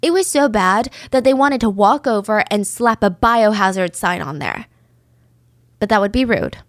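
A woman's voice: medium pitch, expressive, normal speed, no room sound, clean studio sound. A woman narrating a true crime story in a casual, chatty way, with conversational asides.

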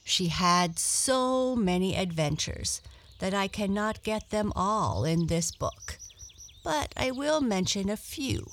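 Slow, gravelly woman reading a storybook. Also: fairly low pitch. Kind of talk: reading a children's book aloud.

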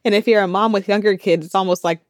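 A woman hosting a podcast, who narrates from a script in a measured way and responds to her guest in a relaxed way. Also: medium pitch, no echo, studio quality. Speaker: podcast host.

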